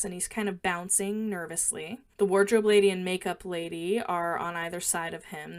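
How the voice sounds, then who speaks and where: A woman co-hosting a podcast, recounting film scenes in careful detail and quoting the dialogue in a matter-of-fact way. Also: fairly low pitch. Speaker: podcast co-host. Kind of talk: casual podcast chat, describing film scenes.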